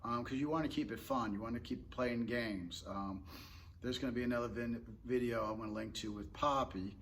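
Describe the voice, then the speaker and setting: A man who trains dogs, talking in a relaxed, rambling way and explaining tips casually with fillers and restarts. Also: mid-range voice, normal speed, a little hiss or hum. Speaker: dog trainer. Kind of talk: casual instructional talk.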